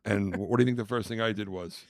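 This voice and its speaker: A man telling a comic story in casual podcast chat, animated and swearing freely. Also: lowish voice, fast, vocal fry, dry recording, studio quality. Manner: storytelling, animated, swears freely, does mock posh voices. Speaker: podcast host.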